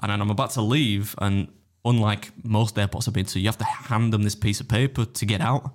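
A man spins a story at a quick clip, his voice sitting fairly low. He slips into other people's voices and laughs as he goes, swearing freely in relaxed podcast chat. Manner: animated anecdote-telling, acts out other voices, swears freely, laughs often. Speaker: podcast guest, competitive eater.

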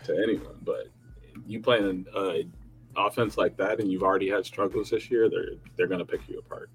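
A young man co-hosting a casual lacrosse picks show, animated and slangy, laughing often as he banters. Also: low-pitched, a little fast, poor audio. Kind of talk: casual sports chat.

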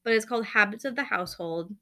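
A woman in her thirties talks through a casual podcast chat, rambling and full of fillers. Her voice is bright and forward, sitting at an ordinary pitch. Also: fast. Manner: chatty, rambling, lots of fillers. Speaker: podcast co-host.

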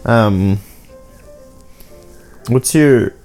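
A man's voice: mid-range voice, very slow, darkish tone, faint music behind. A man co-hosting a podcast, joking and teasing his friends in casual chat. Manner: teasing, playful banter. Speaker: podcast co-host.

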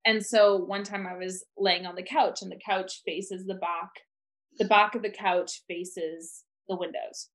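A woman's voice: medium pitch, steady tone, unhurried, a bit bright. A young woman co-hosting a podcast, chatting casually and rambling with lots of "like". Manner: rambling, heavy use of "like". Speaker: podcast co-host. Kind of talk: casual chat.

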